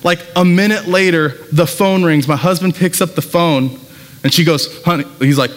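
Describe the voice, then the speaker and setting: This pastor's voice sits on the high side and keeps a normal speed as he preaches in a church sanctuary. He tells stories casually, chatting with lots of fillers, and the recording carries a long hall reverb.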